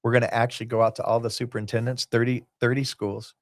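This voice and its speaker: A man's mid-range, level voice moves at a quick pace, recorded with no echo. He's a basketball team owner on a casual podcast, a rambling storyteller who leaps between tangents and acts out what others said.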